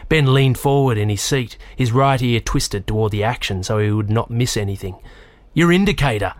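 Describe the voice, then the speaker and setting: A man narrating an audiobook in a steady storytelling manner, lifting his voice for the characters. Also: lowish voice, moderate pace, dry recording.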